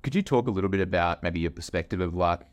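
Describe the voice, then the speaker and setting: A man's voice: low voice, quick pace. A man hosting a podcast, asking a reflective question in a casual way and thinking aloud as he goes. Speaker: podcast host.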